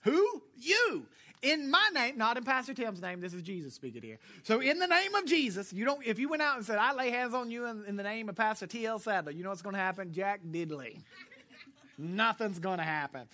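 Fairly quick and animated, a man with a high-sitting, sharp voice preaches as pastor before a church congregation. Along the way he tests his listeners with questions and laughs at his own jokes.

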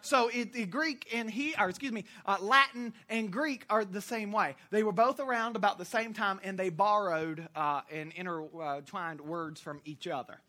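A pastor with a bright, forceful voice delivers a lively sermon. The talk swings from joking asides to shouted emphasis, full of "uh" fillers and quick self-corrections. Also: mid-range voice. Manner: animated, jokey, rising to shouts for emphasis.

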